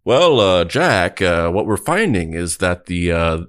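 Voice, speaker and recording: A man voicing a nonchalant mid-century inventor who hesitates and fills every pause with uh and you know. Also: deep voice, big pitch swings, a bit bright, heavily acted. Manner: hesitant, full of fillers.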